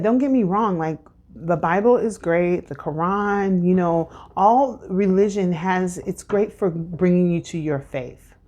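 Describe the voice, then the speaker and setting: A woman's voice: mid-range voice, dark tone. A woman tarot reader talking casually and encouragingly to camera at home, with lots of fillers. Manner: chatty and encouraging, many fillers. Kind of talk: casual spiritual tarot vlog. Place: at home with incense burning.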